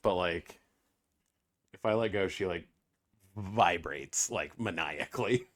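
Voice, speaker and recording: A man casually commenting as he streams a farming game, chatty with lots of fillers, often dropping into soft baby talk to his dog. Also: deep voice, takes it slowly, pauses often.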